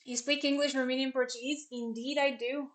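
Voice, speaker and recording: A woman's voice: high voice, steady tone, fairly quick. A young woman chatting casually on a live stream as a chess commentator, rambling and answering questions from chat.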